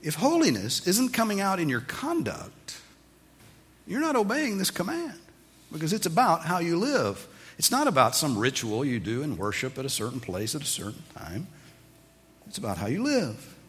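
Animated male preacher in a reverberant hall. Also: on the high side, normal speed. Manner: animated, rising to emphatic questions. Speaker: pastor. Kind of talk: sermon.

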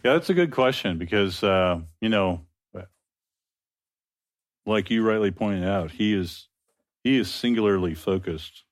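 A man's voice: lowish voice, expressive, a little slow, pauses often. A man leading a Bible study discussion, affirming and encouraging the group.

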